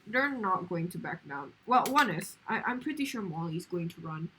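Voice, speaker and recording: A woman's voice: lowish voice, expressive, normal speed, pushed and bright, slight background noise, low-quality recording. A woman streamer telling a story in casual chat, rambling along with lots of fillers.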